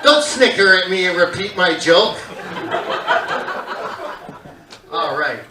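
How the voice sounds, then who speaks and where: A man in his fifties from Canada doing stand-up comedy on a theater stage, rambling through animated off-topic asides. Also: high-pitched, very slow, crowd noise. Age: 50s. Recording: echoey live theater from far off. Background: audience laughter.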